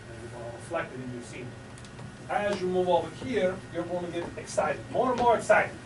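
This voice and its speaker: A fairly high-voiced man hosts a live improv show on a small theater stage, chatty and coaxing. He is picked up from a distance in a roomy hall, with clear background noise and room ambience. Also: sing-song, a little fast. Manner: chatty, coaxing, laughs often.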